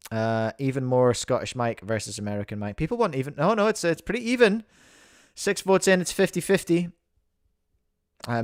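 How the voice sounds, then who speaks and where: A man's voice: medium pitch, clean tone, no echo, studio quality. A man with a New Zealand accent hosting a livestream, giving playful, rambling mock sports commentary and mocking himself. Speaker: host and commentator.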